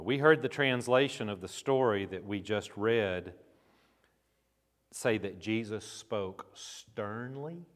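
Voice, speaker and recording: A man preaching a sermon as pastor, dramatic and emphatic, with rhetorical questions and long pauses. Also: mid-range voice. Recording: reverberant hall.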